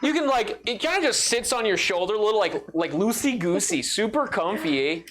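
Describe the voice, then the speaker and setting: A man's voice: high voice, big pitch swings, fairly quick, a bit bright. A man narrating a live tabletop game as game master, rambling with many fillers and frequent laughs.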